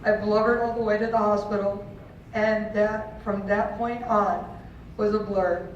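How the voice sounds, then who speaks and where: A woman's voice: medium pitch, little pitch movement, measured pace. Woman telling a heartfelt story in an echoing hall. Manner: heartfelt storytelling, acting out quoted voices. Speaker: speaker at a charity auction. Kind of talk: emotional personal story told to an audience. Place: large event hall. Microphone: handheld camera far from the stage. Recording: distant, dull and very echoey with faint room noise.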